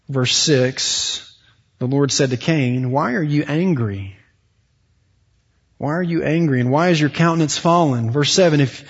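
Preacher with hall reverb, dull sound. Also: male voice, breathy edge. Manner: swings from hushed to loud, rising high when acting out inner voices. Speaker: pastor. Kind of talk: sermon.

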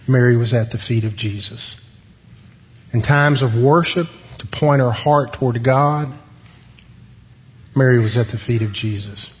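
A man preaching a sermon, asking the congregation questions and pausing for emphasis. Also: mid-range voice. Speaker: pastor. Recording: dull sound with long hall reverb.

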